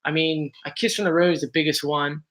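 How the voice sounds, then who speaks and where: A man's voice: on the high side, little pitch movement, fairly quick, fairly bright tone. A man hosting a casual livestream, chatting to viewers with frequent restarts and apologetic asides. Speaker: host.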